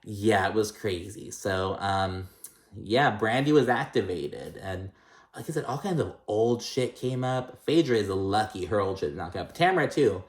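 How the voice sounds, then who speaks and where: A man's voice: lowish voice, lively intonation, normal speed. Gossipy man recapping in a roomy echo. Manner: chatty and gossipy, heavy "like" and "um", swears freely. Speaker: reality TV recap vlogger. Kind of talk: casual episode recap.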